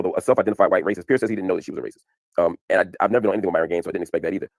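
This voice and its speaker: Fast-talking low-voiced man, emphatic. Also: vocal fry, no echo, studio quality. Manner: emphatic, animated. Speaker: commentator explaining a TV appearance. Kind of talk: fast explanatory commentary.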